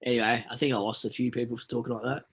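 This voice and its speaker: A young Australian man talks on a livestream, loose and rambling, his voice sitting at an ordinary middle pitch. He reads viewer messages aloud and answers them as he goes. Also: flat delivery, racing, husky. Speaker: livestream host. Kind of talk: casual livestream chat.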